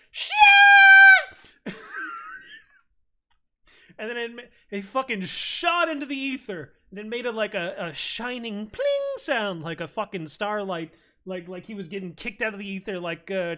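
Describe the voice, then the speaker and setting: A man's voice: high-pitched, moderate pace, few pauses, pushed and bright. A man streaming, telling a rambling, crude and absurd comic story full of swearing. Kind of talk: casual comedic rant.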